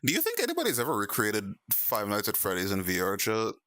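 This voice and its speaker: A young man streaming in VR, chatting casually with viewers, animated and laughing often. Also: lowish voice, fast talker, no room sound. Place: VR chat stream at home.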